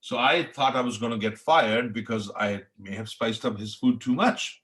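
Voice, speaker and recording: In reflective interview talk as a podcast guest, a middle-aged Indian-accented chef from India shares his story earnestly and passionately. His voice is mid-range and fairly bright, moving at a moderate pace.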